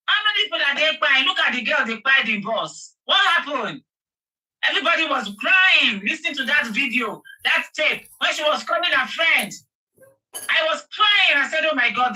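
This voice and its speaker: A Nigerian woman hosting an online talk show, speaking with passion, repeating herself for emphasis and often shouting. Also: high-pitched, recorded from a distance, low-quality recording. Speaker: host. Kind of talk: heated commentary chat.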